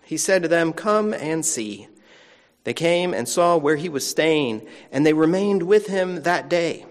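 A man preaching a sermon, casual and folksy, with playful asides between readings. His voice sits a little high. The sound carries the long reverb of a church sanctuary. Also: lively intonation, measured pace. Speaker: pastor.

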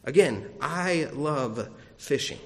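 Pastor preaching in an echoing church. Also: male voice, fairly high pitch, animated, takes it slowly, vocal fry. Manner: folksy storytelling with self-deprecating humor. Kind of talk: sermon. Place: church sanctuary.

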